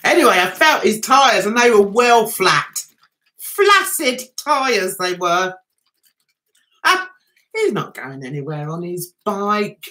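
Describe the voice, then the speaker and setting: A woman hosting a casual livestream, telling stories in a chatty, animated way. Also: medium pitch, takes it slowly. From United Kingdom. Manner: chatty, animated storytelling with mimicked voices. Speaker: livestream host.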